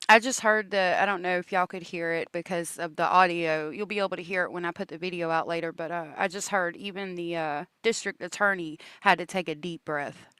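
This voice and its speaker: Low-voiced woman host with crisp, dry sound. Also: fairly even intonation, a little fast, few pauses, a bit bright, no room sound. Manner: brief offhand asides to listeners. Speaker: podcast host. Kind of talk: casual commentary over played audio.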